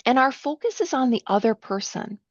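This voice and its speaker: A woman's voice: high-pitched, animated, brisk, no echo. A middle-aged woman, a counselor, teaching a workshop patiently step by step, often checking in with her listeners. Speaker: counselor leading a training session. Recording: dull lo-fi sound, dry.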